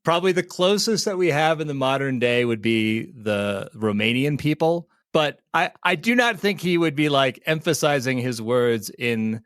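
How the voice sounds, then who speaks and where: A man's voice: mid-range voice, lively intonation, normal speed, hardly any pauses, fairly bright tone, no room sound, clean studio sound. Joking, laughing male podcast co-host. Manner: joking, laughs a lot, sarcastic. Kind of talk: casual recap chat.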